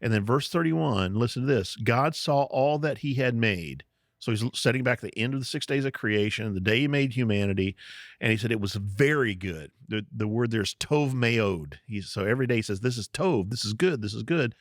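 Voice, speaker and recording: This podcast co-host talks briskly with lively intonation at a medium pitch, recorded dry with clean studio sound. Chatting casually, he explains the Bible step by step and laughs readily.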